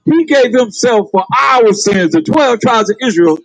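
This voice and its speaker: A man's voice: extremely high pitch, lively intonation, unhurried, no echo, poor audio. A man preaching on the street, calling out to passers-by with emphatic, laughing delivery. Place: outdoors on a street.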